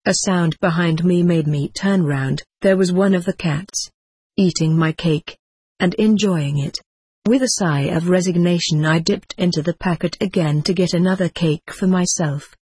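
A reader giving first-person scripted narration of a story in a measured, even manner. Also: mid-range voice, husky, no room sound. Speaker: audiobook reader.

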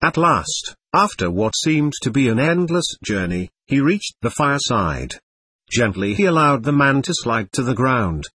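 A man narrating an audiobook in a steady, unhurried storytelling manner. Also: medium pitch, slightly rough, dry recording.

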